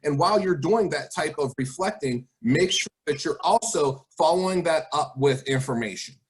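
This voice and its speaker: A man with a somewhat high voice gives an online presentation to students, speaking over a video call. He encourages them with rhetorical questions as he walks through his advice. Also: animated, moderate pace. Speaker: college guest speaker.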